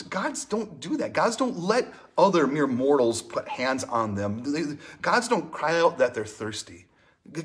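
A man preaching a sermon in a conversational style. He often asks "right?" and swings between animated emphasis and soft, hushed passages. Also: on the high side. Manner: conversational preaching, frequent "right?" asides and restarts. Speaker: pastor.

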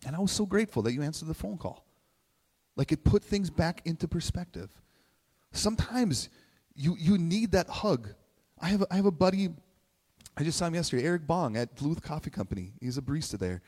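A man's voice: a little high, expressive, fairly quick, a little mellow, slightly rough. A man preaching a conversational sermon, emotional and close to tears at times, who keeps asking "right?". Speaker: pastor. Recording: long hall reverb.

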